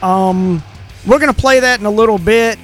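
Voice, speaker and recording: A man's voice: high voice, normal speed, faint music behind. A man co-hosting a radio talk show, telling stories in a loose, rambling way with plenty of fillers. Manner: rambling storyteller, many fillers. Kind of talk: casual chat.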